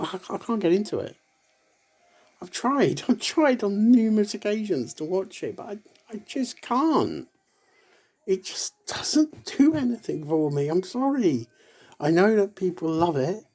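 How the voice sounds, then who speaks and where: A man rambling casually to camera in a solo vlog, halting and restarting often and breaking into laughter. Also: high voice, sing-song, darkish tone. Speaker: vlogger.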